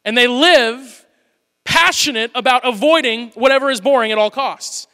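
Man, pastor, bright high voice, lively conversational sermon, hall reverb. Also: moderate pace, clear, resonant tone. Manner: animated, conversational, playful asides. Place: church auditorium.

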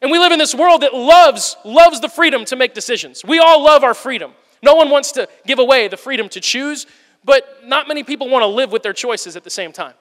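A man in his thirties preaching a sermon, telling personal stories and acting out the dialogue in them with lively voices. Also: extremely high pitch, fairly quick. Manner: animated storyteller acting out dialogue. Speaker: pastor. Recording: long reverb of a large hall.

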